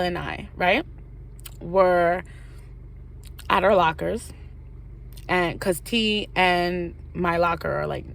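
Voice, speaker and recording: A woman's voice: fairly low pitch, creaky, fairly bright tone. A young woman telling a storytime vlog in a rambling, casual way, full of fillers and asides. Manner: rambling, filler-heavy, lots of "like" and "right?". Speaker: vlogger.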